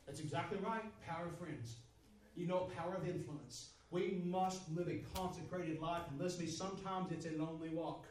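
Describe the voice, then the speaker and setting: A man's voice: fairly high pitch, normal speed, a little mellow, roomy sound, distant mic, a little hiss or hum, rough recording. A man preaching a sermon, emphatic and repetitive, his voice swelling and dropping. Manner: repetitive, emphatic, rises and drops in volume.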